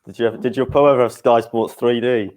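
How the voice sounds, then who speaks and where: A man's voice: mid-range voice, fairly even intonation, fast talker, a little mellow. A young man chatting casually on a podcast, laughing through his stories. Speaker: podcast co-host. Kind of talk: casual pub chat.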